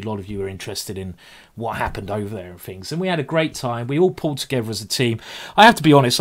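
A man, a chess grandmaster hosting his own video, chatting in a rambling, self-deprecating way. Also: mid-range voice.

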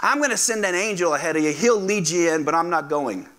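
Pastor guy preaching in church, bright edgy voice, does little voices for the people he quotes. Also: a little high, fast. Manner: animated, acts out quoted voices, asks the congregation to respond. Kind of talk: sermon. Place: church sanctuary.

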